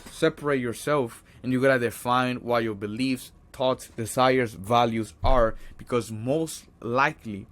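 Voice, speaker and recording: A man's voice: medium pitch, unhurried, few pauses, a bit bright. A man with an everyday, mid-range voice talks straight to the camera about beating social anxiety. He is casual and blunt, swears freely and keeps checking in with "right?" as he coaches. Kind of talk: motivational vlog talk.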